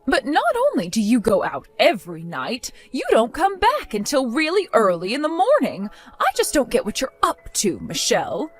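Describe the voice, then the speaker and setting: A woman's voice: fairly high pitch, wildly swooping pitch, moderate pace, hardly any pauses, faint music behind. A woman voicing a stern, scornful older mother-in-law who scolds and accuses. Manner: cold, scolding, contemptuous. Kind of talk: text-story voice acting.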